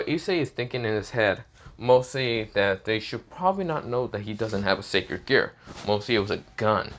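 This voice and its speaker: Male storyteller, lowish voice, rambling improvised narration with constant fillers. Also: fairly bright tone, slight background noise. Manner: rambling, full of fillers and self-corrections. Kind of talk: improvised fan-fiction narration.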